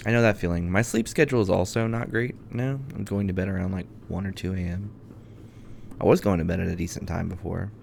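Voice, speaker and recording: Laid-back, chatty male game streamer, low and gravelly. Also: fairly even intonation, quick pace, darkish tone, a little hiss or hum. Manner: easygoing, chatty, hums to himself. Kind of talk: casual gameplay chat. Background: music.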